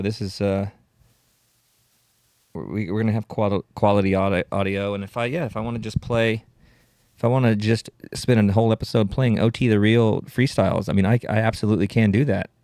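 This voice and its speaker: A man hosts his own solo podcast in a rambling, self-mocking chat. His voice is fairly low and gravelly. It is recorded dry and close on podcast gear. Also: a little mellow, dry recording. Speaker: podcast host. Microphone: podcast audio equipment.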